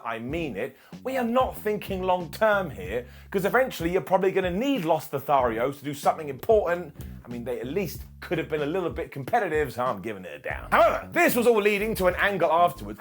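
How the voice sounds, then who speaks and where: A man hosting a casual wrestling review, sarcastic, animated and joking. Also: a little high.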